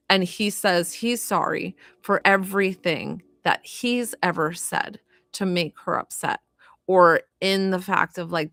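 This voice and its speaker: A woman giving a live spirit reading as a medium, chatty and filled with "like" and "you know", gentle and consoling as she passes on messages. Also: mid-range voice, dry recording. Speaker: psychic medium.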